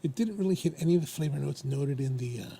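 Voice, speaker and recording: A fast-talking man from Maryland hosts a live stream in a fairly high, creaky voice, with slight background noise behind him. He chats casually and rambles repetitively, keeping things lively.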